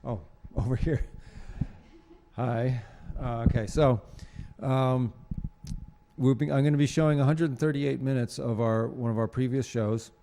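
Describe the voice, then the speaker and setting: A man hosting a local TV show from a studio, talking off the cuff in a halting, rambling way with lots of fillers and restarts. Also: mid-range voice, fairly even intonation, mellow, a little hiss or hum. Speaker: host of a local cable show. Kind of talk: unscripted studio monologue. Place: TV studio with green screen.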